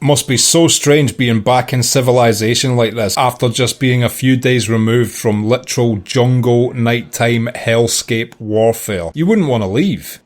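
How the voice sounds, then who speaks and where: A man's voice: medium pitch, measured pace, few pauses, slight background noise. A young Scottish man hosting a reaction video, joking and swearing freely in casual commentary. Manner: joking, profane.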